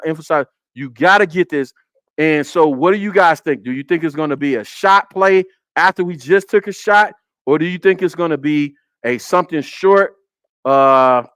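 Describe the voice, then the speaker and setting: A man's voice: fairly high pitch, fairly bright tone, no room sound. A man hosting a casual football film breakdown on a live stream, repeating his points and talking to the chat.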